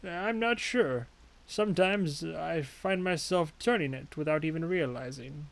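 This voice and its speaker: A man voicing a frail, forgetful old male widower, speaking slowly and haltingly. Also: fairly high pitch, vocal fry. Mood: wistful. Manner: slow, halting and wistful.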